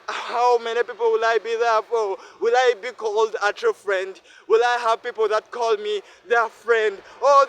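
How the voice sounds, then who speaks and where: Man vlogging outdoors, very high voice, emphatic repeated questions, faint street noise. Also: a bit bright. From Uganda. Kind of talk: impassioned self-talk monologue.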